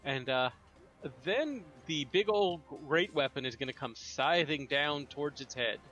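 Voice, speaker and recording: A man with a bright, forceful voice plays in a tabletop game. He jokes and rambles playfully as he walks through his character's attacks. Faint music sits under his voice. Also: a little high, animated, unhurried, highs cut off. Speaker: player. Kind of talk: casual tabletop play.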